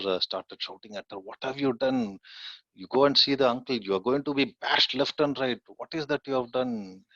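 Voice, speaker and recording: A man's voice: fairly low pitch, fairly bright tone, no echo. A middle-aged man with an Indian English accent gives an earnest lecture with a personal story, often checking in with the listeners. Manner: earnest, often checks in with "okay?" and "you know". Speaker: guest lecturer. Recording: dull dry lo-fi audio.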